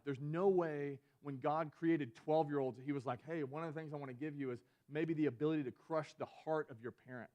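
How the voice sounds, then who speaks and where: Casual young pastor preaching. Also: male voice, fairly high pitch, fairly quick. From Georgia. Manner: conversational, many "like" fillers, animated retelling of a personal story. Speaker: student ministry pastor. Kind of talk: youth sermon.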